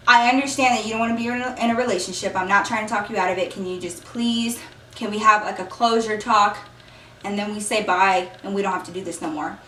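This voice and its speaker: Young woman vlogger, animated storyteller, bright tone, echoey room recorded slightly off-mic. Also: fairly high pitch, far from the mic, slight background noise. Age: young adult. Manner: animated storytelling, acts out quoted dialogue. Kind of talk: storytime vlog.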